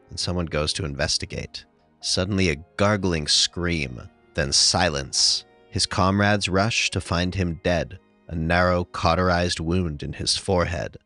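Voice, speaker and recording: A man narrating tabletop game stories in a scripted, even reading. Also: low-pitched. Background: faint music.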